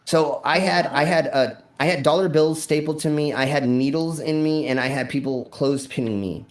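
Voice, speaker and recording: A man's voice: fairly high pitch, moderate pace. A man hosting a stream, telling a wild story from his past in a rambling, profane way with many fillers and restarts. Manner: acts out his own shouted lines in the story. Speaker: stream host. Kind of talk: casual storytelling.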